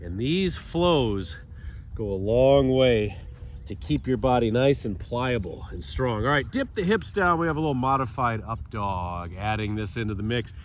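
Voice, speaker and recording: Slow-talking fifty-year-old male fitness coach. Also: medium pitch, animated, slight background noise. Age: 50s. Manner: upbeat, jokey, cues movements while doing them. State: a little stuffy, clears throat often. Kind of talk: guided stretching instruction. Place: outdoors on a mat on grass.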